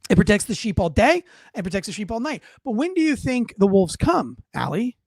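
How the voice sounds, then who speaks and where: A male police officer hosts a podcast, leading a casual interview conversation with blunt, profane talk, leading questions, and explanations built on analogies. His voice is high and gravelly with big pitch swings and a brisk pace. The recording is dry and close, with no room sound.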